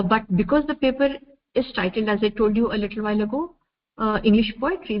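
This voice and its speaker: A woman from India giving a measured university lecture over slides, explaining step by step with frequent "uh" fillers. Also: on the high side. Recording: dull lo-fi recording with faint noise.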